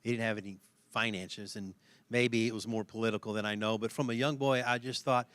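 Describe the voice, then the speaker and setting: A middle-aged man pastor preaching a sermon in an animated, conversational way, laughing often and repeating himself for emphasis. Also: fairly low pitch, fairly quick, no echo.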